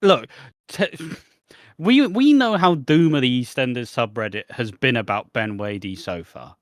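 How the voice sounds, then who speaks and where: A man's voice: mid-range voice, lively intonation, measured pace, no room sound. A man co-hosting a podcast in casual chat, with wry jokes and dry sarcasm. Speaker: podcast co-host.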